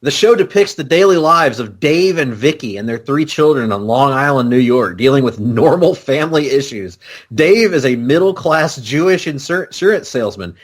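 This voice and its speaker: Animated man, lively chatty co-host. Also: fairly high pitch. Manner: animated, swears freely, laughs often. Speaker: podcast co-host. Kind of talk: casual chat.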